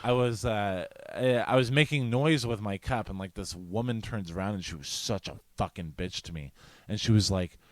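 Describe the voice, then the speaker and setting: A man's voice: on the low side, moderate pace, no echo. A man co-hosting a podcast, telling profane stories and mimicking other people's lines. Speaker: podcast co-host. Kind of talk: casual chat.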